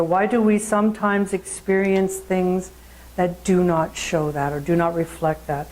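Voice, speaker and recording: A woman's voice: fairly low pitch, moderate pace, darkish tone, a little hiss or hum, rough recording. A woman giving a sermon at a spiritual centre, telling a story in a conversational way and putting questions to the audience.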